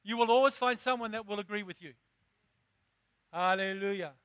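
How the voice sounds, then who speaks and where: A man preaching a sermon as pastor, impassioned, drawing out words slowly for emphasis and rising to shouts. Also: extremely high pitch, fairly even intonation, no room sound.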